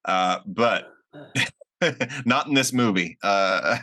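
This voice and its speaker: A man's voice: lowish voice, expressive, drawn-out words, pushed and bright. A middle-aged man co-hosting a casual movie review podcast, sarcastic and rambling with plenty of fillers. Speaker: podcast co-host.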